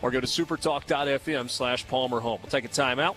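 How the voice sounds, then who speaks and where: A man's voice: mid-range voice, brisk, a bit bright, faint music behind. A man hosting a radio talk show, bantering playfully with a guest and making a fundraising appeal from the studio. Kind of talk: casual on-air chat and fundraising appeal.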